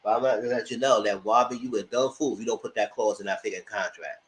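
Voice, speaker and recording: A man giving blunt, profane live commentary on reality TV episodes, acting out cast members' lines in high voices. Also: steady tone, fast talker, echoey room, low-quality recording. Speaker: reality TV reviewer. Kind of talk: live casual recap commentary.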